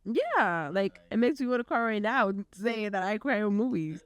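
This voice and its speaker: A woman's voice: medium pitch, sing-song, normal speed, clean tone, no room sound. A young woman in her late teens co-hosting a casual podcast, teasing and giggly. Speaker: podcast co-host. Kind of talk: casual chat.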